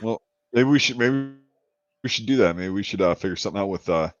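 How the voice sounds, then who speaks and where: A man's voice: fairly low pitch, lively intonation, fast, dry recording, lo-fi sound. A man hosting a casual chat, talking in a laid-back, rambling way and laughing easily. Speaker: channel host.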